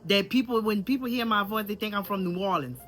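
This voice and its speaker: Quick and fairly bright in a mid-range voice, this Louisiana woman chats candidly to her vlog audience in a country accent, speaking straight to viewers and repeating herself. Soft music plays underneath.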